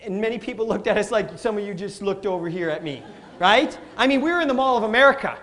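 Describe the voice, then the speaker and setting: A man giving a live motivational talk, animated, calling the audience folks and acting out what people say. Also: high-pitched, quick pace. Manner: animated, addresses crowd as folks, acts out quotes. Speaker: motivational speaker.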